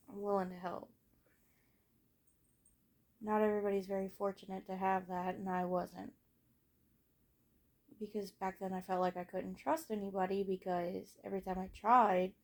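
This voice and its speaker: A teenage girl talks through her own life story in a casual, rambling way, full of fillers and blunt swearing. Her mid-range voice carries a gravelly fry, and she lets many sentences fade off softly at the end. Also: mid-range voice, steady tone, normal speed, long pauses. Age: late teens. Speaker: vlogger.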